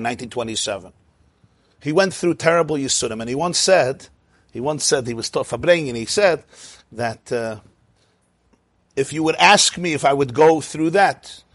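A Torah teacher leads a class on a Chasidic text, chanting Hebrew passages in a sing-song before explaining them animatedly in English. His voice is medium in pitch, and there is no echo.

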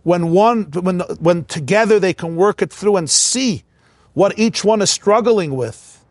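A man with a high voice teaches a religious lesson in a lively, animated way, slipping into the voices he quotes. The sound is dry and close, with no room around it. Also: a little slow, no room sound. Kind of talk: spoken Torah lesson.

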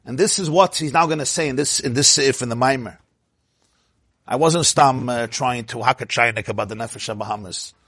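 A man giving a Torah class as a rabbi, animated, asking rhetorical questions and mixing in Hebrew and Yiddish terms. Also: mid-range voice, brisk, no room sound, studio quality.

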